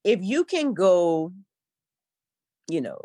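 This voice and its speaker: A young woman co-host talks frankly in a relaxed chat. Her voice rises and falls a lot, and she fills gaps with easygoing asides. The sound is close and dry. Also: on the low side, slow, no echo. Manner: frank, laid-back, lots of "like" fillers. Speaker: podcast co-host. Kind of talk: casual chat.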